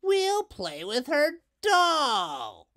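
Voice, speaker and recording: A man's voice: sits high, wildly swooping pitch, slow, vocal fry, fairly bright tone, pitched above the performer's own voice, full character voice. A man doing a bossy, taunting storybook girl bully. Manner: taunting, squealing.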